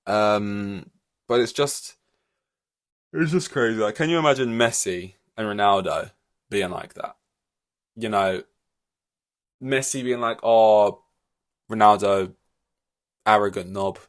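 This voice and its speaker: A man's voice: lowish voice, measured pace, long pauses. Rambling man on a podcast. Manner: rambling and animated, many fillers and restarts, laughs between points. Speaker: podcast host. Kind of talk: solo casual podcast commentary.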